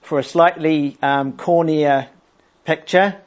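Man, middle-aged, preacher, sermon, earnest, slightly high-pitched, muffled lo-fi sound. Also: fairly even intonation. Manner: earnest, explanatory, reads scripture aloud slowly. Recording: dull lo-fi church recording.

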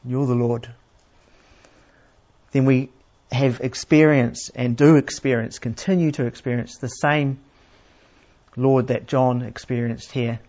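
A man preaching a sermon in a plain, unhurried teaching manner, asking his listeners questions. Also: mid-range voice, fairly even intonation, a little mellow. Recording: slightly dull, lo-fi sound.

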